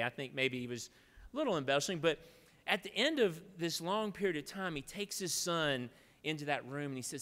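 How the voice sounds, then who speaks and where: A man's voice: on the high side, animated, brisk, pushed and bright. A man preaching a devotional in a legislative chamber, telling a folksy, rambling story and then leading a solemn prayer. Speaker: preacher giving the opening devotional. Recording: long reverb of a large chamber.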